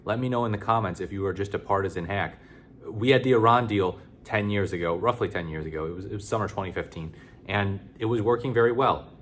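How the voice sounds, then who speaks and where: Guy ranting about politics, lowish voice, sarcastic and blunt, lots of ums and restarts. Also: fast talker, a bit bright, a little hiss or hum. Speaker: political commentator. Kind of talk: casual opinion commentary.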